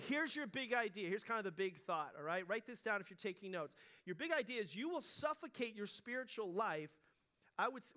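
A man's voice: sits high, bright, forceful tone. A middle-aged man preaching a sermon as pastor, conversational and joking, with frequent restarts and repeated words.

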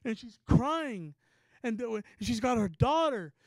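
A man from Texas preaching a sermon, telling a story with rising excitement and stammered repeats. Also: extremely high pitch, a little slow, no room sound.

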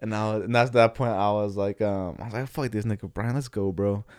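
A young man rattles off a story at high speed in a dark, mellow voice, close and dry with no room sound. His telling rambles through slang, restarts and voices of the people in it. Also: steady tone, fairly quick, no room sound. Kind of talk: casual chat.

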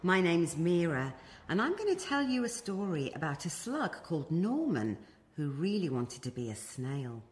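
A woman reading a children's story aloud as a storyteller, expressive and animated. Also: on the low side, normal speed.

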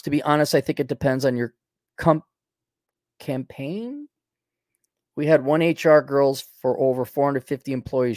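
Blunt Midwestern man, higher-pitched voice. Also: a little mellow, no echo, studio quality. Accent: Milwaukee, Upper Midwest. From Milwaukee, Wisconsin. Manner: blunt, opinionated, drops into mock voices. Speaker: podcast host reading viewer donations. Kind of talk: casual livestream commentary.

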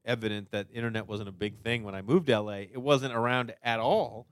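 A man with a Boston accent, a stand-up comic chatting casually as a podcast guest, animated and swearing freely. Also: mid-range voice, fairly quick, no room sound. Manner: animated storyteller, swears, lots of "you know what I mean".

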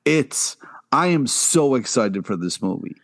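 A man co-hosting a podcast, gushing and swearing with excitement about an upcoming movie. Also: medium pitch, a little slow. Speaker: podcast co-host. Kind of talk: casual pop-culture chat.

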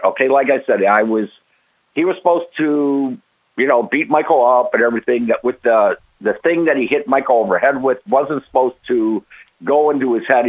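A man's voice: mid-range voice, no echo. An older man, a guest on an interview show, talking casually in a rambling way and tagging on "okay?" and "like I said" as he goes. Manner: rambling, keeps adding "okay?" and "like I said". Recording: tinny dry phone line.

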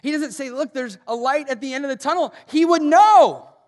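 A male pastor with an American accent preaching a sermon, emphatic, rising to loud urgency and dropping to hushed softness. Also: extremely high pitch, quick pace. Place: large church auditorium. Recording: long hall reverb.

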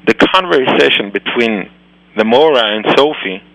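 A man, a rabbi telling a moral story in halting, phrasing. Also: mid-range voice, lively intonation, vocal fry, a bit bright, no room sound, poor audio. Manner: slow, halting non-native phrasing. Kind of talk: storytelling lecture.

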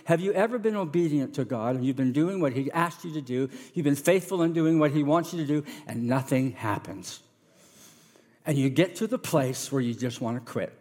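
A middle-aged man preaching a sermon as a pastor, animated and acting out the voices of the people in his story. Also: on the high side, normal speed, big-room sound. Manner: animated, acts out voices of characters.

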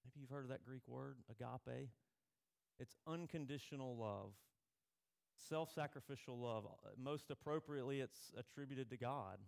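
A man's voice: medium pitch, normal speed, gravelly. A male pastor preaching a sermon in a conversational way, telling personal stories.

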